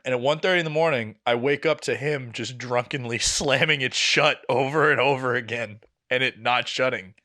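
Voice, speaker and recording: A young man in his twenties telling a long story on a casual podcast, profane and animated, acting out what people said. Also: mid-range voice, moderate pace, few pauses. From New England. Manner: animated, profane, acts out quotes. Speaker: podcast co-host.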